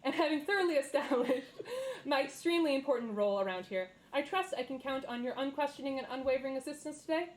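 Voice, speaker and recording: A woman's voice: sits high, lively intonation, fast, a little hiss or hum, voice pushed up, poor audio. Luna, a woman doing a pompous prim tiefling. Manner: pompous, condescending, clipped. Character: prim, haughty tiefling woman, self-important.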